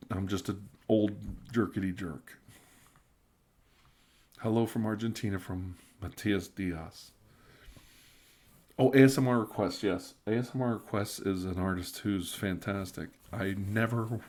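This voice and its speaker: A middle-aged man with a lowish voice chats loosely on a live stream, a little drunk. He rambles, trips over restarts, and slips into quiet whispers now and then. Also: a little slow, long pauses. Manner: rambling, stammering restarts, drifting into soft whispers. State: tipsy. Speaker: ASMR live stream host. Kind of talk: casual live stream chat, reading viewer comments.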